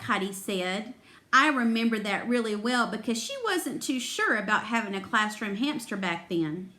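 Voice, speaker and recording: A woman's voice: mid-range voice, expressive, normal speed, bright, forceful tone. A woman reading a children's chapter book aloud, expressively voicing the characters. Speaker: reader.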